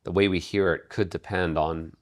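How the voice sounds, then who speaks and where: A man co-hosting a podcast, speaking in a measured, halting way about poetry and pausing often to find his words. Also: sits low, fairly even intonation. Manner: measured, halting, with many pauses and fillers. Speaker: podcast co-host. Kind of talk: casual literary discussion.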